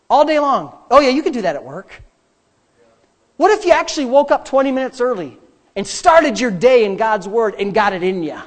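A male pastor preaching a sermon, repeating phrases for emphasis and at times dropping to a quiet, prayerful tone. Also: very high voice, lively intonation, fairly quick.

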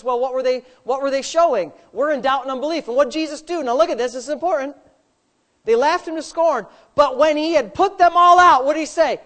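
A woman's voice: high voice, animated, a little fast, a bit bright. A woman preaching a sermon, asking rhetorical questions and adding playful asides.

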